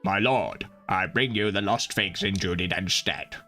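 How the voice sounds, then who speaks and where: A man reading the lines of a smooth-talking male traitor figure from a game, in a measured, courtly manner and a lowered voice. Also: sharp tone, faint music behind. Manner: formal, measured, courtly delivery. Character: sly male celestial apprentice-master, smooth-talking traitor.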